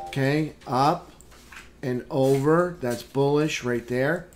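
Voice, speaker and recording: Slow-talking man walking through charts. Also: mid-range voice, over music. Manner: unhurried, plain chart commentary with fillers. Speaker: trading room host. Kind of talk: live market recap walkthrough.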